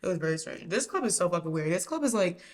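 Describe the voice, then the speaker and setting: Slangy, low-voiced woman podcast host. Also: big pitch swings, fast. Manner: profane, exclamatory, slangy. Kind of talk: casual storytelling monologue.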